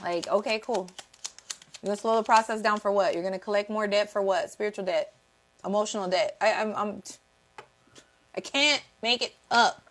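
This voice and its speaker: A woman's voice: mid-range voice, moderate pace, pauses often, fairly bright tone, slight background noise. A woman giving a casual tarot reading, blunt and profane, repeating herself for emphasis and greeting viewers in the chat. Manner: talks to live chat viewers. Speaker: tarot reader.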